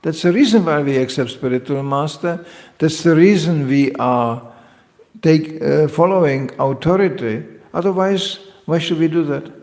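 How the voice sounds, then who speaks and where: Male spiritual teacher, devotional lecture, gravelly and animated, acts out quotes, big echoing hall. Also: on the high side, normal speed. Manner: lively, joking, acts out quoted voices.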